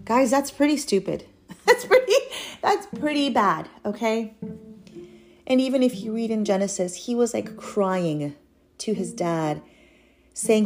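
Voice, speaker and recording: A woman's voice: mid-range voice, lively intonation, unhurried. A young woman giving a casual, earnest devotional Bible teaching, chatty with light laughs between points. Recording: soft guitar music behind.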